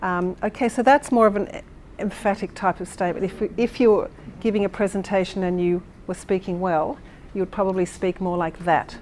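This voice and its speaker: Woman running a teacher workshop, talks through the lesson step by step, lots of "um" and "okay", a little hum of noise behind her. her pitch sits in the middle, neither high nor low. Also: steady tone, a little fast, hardly any pauses, a little mellow. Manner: explanatory, many fillers and restarts, checks in with the audience. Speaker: teacher trainer presenting a workshop.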